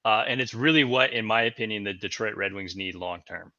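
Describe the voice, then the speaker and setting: Man, podcast co-host, analytical draft talk, bright voice, dry lo-fi mic. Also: lowish voice, fairly quick, no room sound. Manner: analytical, hedging with "I think". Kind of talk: casual hockey draft analysis.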